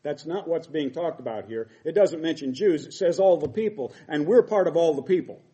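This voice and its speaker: A man's voice: a little high, a little fast, mellow, lo-fi sound. A middle-aged man preaching a sermon, reading scripture aloud and explaining it with emphatic quoted lines.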